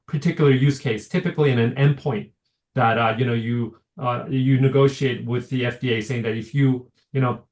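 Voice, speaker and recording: A man giving a workshop talk over a video call, explaining with many fillers and restarts. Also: medium pitch. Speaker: invited speaker on medical devices.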